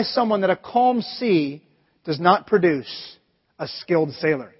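Middle-aged male pastor, husky high voice, conversational sermon, dull lo-fi church recording. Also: lively intonation, measured pace. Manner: conversational storytelling with acted asides. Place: church sanctuary. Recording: echoey church hall, dull lo-fi audio.

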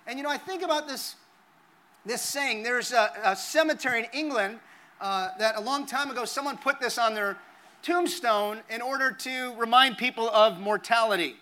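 A man's voice: very high-pitched, moderate pace, bright, forceful tone. A man preaching a sermon as pastor, earnest and conversational, leaning on emphatic repeated phrases.

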